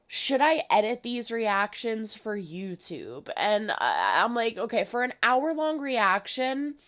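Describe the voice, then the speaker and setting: A woman's voice: mid-range voice, fairly bright tone. A young woman hosting a reaction channel, gushing in casual commentary and peppering her talk with fillers. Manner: gushing, effusive, frequent "like" fillers.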